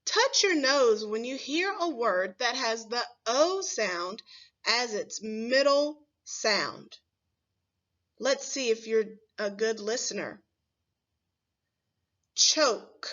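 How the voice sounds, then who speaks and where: A woman teaching a first grade phonics lesson, sounding out words slowly and clearly and asking the children questions. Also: a little high, big pitch swings, fairly bright tone, lo-fi sound.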